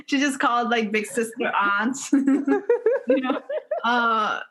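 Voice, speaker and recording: A woman from Somalia, a podcast guest telling childhood stories in a casual, animated way and laughing often. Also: fairly high pitch, takes it slowly. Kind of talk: casual storytelling.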